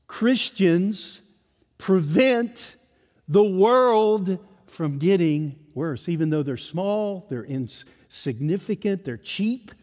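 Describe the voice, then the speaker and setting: A male preacher with a high voice delivers a sermon slowly and deliberately. He leans hard on key words, then lets his phrases fall quiet. The sound rings with the long reverb of a church hall. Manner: emphatic, drops to a hush at phrase ends.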